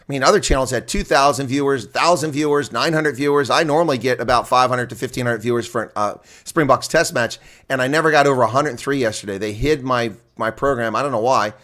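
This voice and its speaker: A man doing live reaction play-by-play of a rugby match, leaping up in excitement at big plays. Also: mid-range voice, quick pace.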